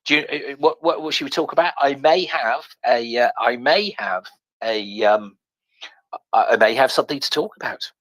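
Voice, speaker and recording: A man's voice: mid-range voice, normal speed, fairly bright tone, no echo, low-quality recording. A man hosting a live audio chat, reading an article aloud with many fillers, restarts and wry asides. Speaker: host.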